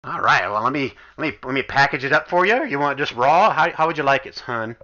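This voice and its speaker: A man's voice: medium pitch, expressive, fast talker, pushed and bright, highs cut off. A man voicing a flirty middle-aged woman shopkeeper, coy and teasing with her customer.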